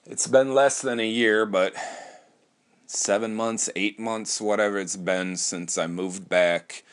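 A man's voice: on the low side, fairly even intonation, slow pace, clean tone. A man from Wisconsin hosting a podcast, talking in a rambling, profane casual monologue with frequent restarts.

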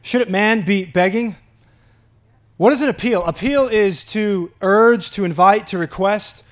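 Pastor, male, high-pitched, earnest sermon delivery, lingers on key phrases. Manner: earnest preaching, slows for emphasis, laughs in delight.

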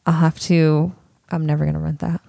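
A woman's voice: sits low, flat delivery, fairly quick, creaky, warm tone, dry recording. A woman co-hosting a podcast in casual chat, teasing and playful. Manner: teasing, playful, laughs often. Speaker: podcast co-host.

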